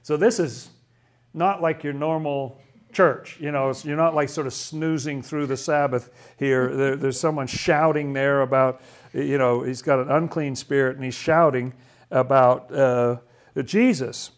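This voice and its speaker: A man's voice: mid-range voice, fairly even intonation, measured pace. A man leading a casual Bible study, talking through a passage and asking lots of questions, with frequent restarts. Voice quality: asks lots of questions, chatty, stumbles and restarts.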